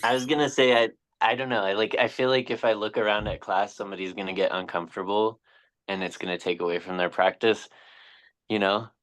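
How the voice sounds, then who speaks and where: A man's voice: fairly low pitch, steady tone, brisk, a bit bright. A male yoga teacher trainee cues poses hesitantly, with many fillers, and corrects himself as he goes. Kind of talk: cueing yoga poses, then casual chat.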